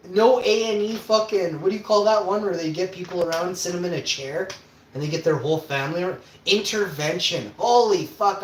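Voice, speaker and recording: A man on a casual livestream, cooking in his kitchen and swearing constantly as he rants, with sudden loud outbursts. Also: high voice. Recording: roomy with faint background hum.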